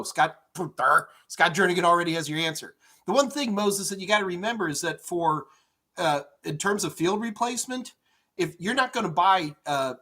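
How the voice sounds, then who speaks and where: Middle-aged male IT trainer, slightly high voice, energetic live-stream Q&A from home, chatty and rambling. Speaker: IT certification instructor. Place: home office.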